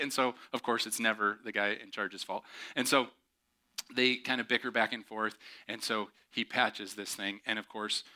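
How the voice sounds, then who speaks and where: A man in his thirties preaching a sermon, telling a story in an animated way and mimicking other people's voices. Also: mid-range voice, brisk. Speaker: pastor.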